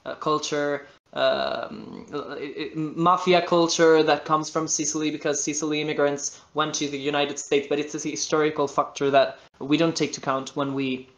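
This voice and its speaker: A man's voice: a little high, flat delivery, moderate pace, few pauses, fairly bright tone. A man with an Italian accent, a voice actor guest in a podcast interview, speaking non-native English and searching for words with many restarts. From Italy. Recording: roomy echo.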